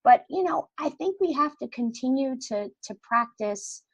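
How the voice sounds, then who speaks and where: A woman in her forties chatting as a podcast guest, telling lively stories and acting out the people in them. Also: sits high, moderate pace, breathy edge, no room sound. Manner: animated storyteller, acts out quoted voices. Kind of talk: casual interview chat.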